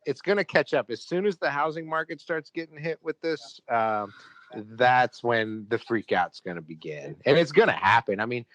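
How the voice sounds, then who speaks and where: A man's voice: medium pitch, a bit bright, no echo. Blunt, opinionated man, dry sound. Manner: opinionated, emphatic, speaks his mind bluntly. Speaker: podcast guest. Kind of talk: casual podcast chat.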